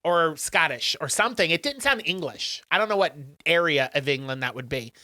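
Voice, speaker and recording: Podcast co-host, male, bright chatty storyteller, dry close mic. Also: a little high, very animated, a little fast, no echo. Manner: chatty storyteller, acts out quotes in funny voices. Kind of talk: casual chat recapping a film.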